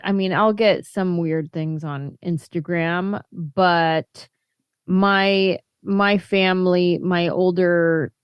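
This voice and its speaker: A woman with a fairly low speaking voice tells stories as a guest, slipping into other people's voices as she goes. The sound is close and dry, with no room in it. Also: clean tone, dry recording. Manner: lively storyteller who acts out other people. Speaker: comedian guest. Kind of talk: casual podcast chat.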